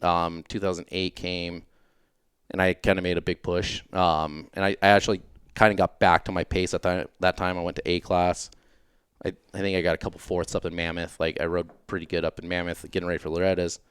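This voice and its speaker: Guest spot: a man in his late thirties with a low, smooth, resonant voice, recorded dry and close. He tells his stories in a relaxed, rambling manner full of fillers. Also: brisk, no echo. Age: late 30s. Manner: laid-back, rambling, filler-heavy. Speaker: podcast guest, former racer. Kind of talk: casual interview storytelling.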